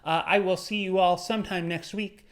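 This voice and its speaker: A young man giving an earnest, measured motivational talk on his video channel, slowing down on key words. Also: high-pitched, steady tone. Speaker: YouTuber. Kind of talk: motivational vlog monologue.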